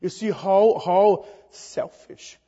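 A man preaching a sermon, emphatic and halting, his voice rising on rhetorical questions. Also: high voice, warm tone. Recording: dull sound with long reverb.

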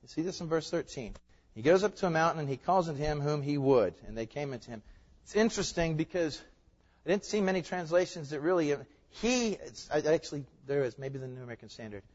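Fervent high-voiced preacher in a hall. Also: male voice, expressive, quick pace, a little mellow. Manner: emphatic, rising to fervent peaks. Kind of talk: sermon. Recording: muffled sound with long hall reverb.

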